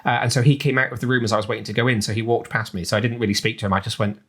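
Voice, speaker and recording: English man co-hosting a podcast, slightly low voice, loose and rambling with plenty of fillers. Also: level tone, very fast, a bit bright, breathy edge. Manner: chatty, rambling with many ums and restarts. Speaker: podcast co-host. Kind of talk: casual chat.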